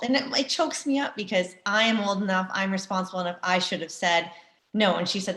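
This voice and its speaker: A woman's voice: mid-range voice, brisk, a bit bright, roomy sound. A woman from Canada, an Olympic runner, chatting casually on a panel over a video call and laughing easily.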